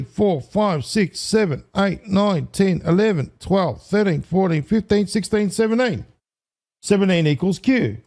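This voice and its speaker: An excitable man with a fairly high voice, hosting a casual online commentary. He counts aloud, stumbles, and corrects himself, and he calls out to his viewers as ladies and gentlemen. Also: creaky. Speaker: online video host.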